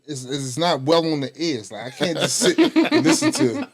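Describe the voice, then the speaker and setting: A man's voice: a little high, huge pitch swings, normal speed. A man hosting a podcast, talking loosely and jokingly. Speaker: podcast host. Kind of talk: casual chat.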